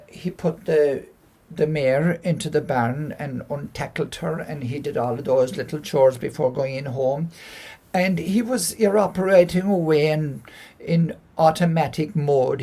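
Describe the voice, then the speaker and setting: A man's voice: on the high side, mellow. A man with an Irish accent telling a folk tale in a homely, conversational way with asides to the listeners. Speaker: storyteller. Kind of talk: oral folk storytelling.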